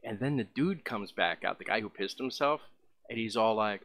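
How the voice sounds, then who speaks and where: A man's voice: lowish voice, moderate pace, vocal fry, fairly bright tone. A man casually telling a long, rambling story as a vlogger, full of fillers.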